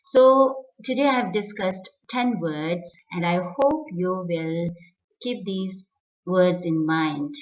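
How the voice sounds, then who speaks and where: A middle-aged woman teacher, a native Tibetan speaker, giving a careful pronunciation lesson and repeating each word for practice. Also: fairly low pitch. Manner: slow, careful, repeats words for drill. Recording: distant, dull lo-fi sound.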